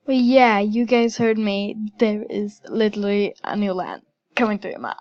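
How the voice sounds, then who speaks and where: A woman giving casual gameplay commentary, gushing and giggly with excitement. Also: medium pitch, moderate pace. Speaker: game commentator. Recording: dull lo-fi recording.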